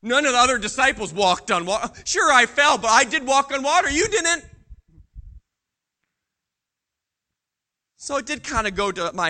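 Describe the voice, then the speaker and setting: A man acting out the apostle Peter as a bold, proud fisherman, telling his story in a first-person Bible monologue that swings between hushed awe and loud boasting. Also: sits high. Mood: boastful, lively. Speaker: preacher in character.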